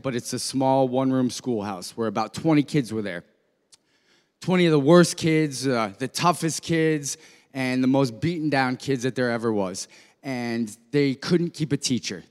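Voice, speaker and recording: A man's voice: medium pitch, darkish tone. A man, a pastor, telling an illustrative story during a sermon in an earnest way. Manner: earnest, voices the characters in his story lightly. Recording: music and long reverb of a church hall.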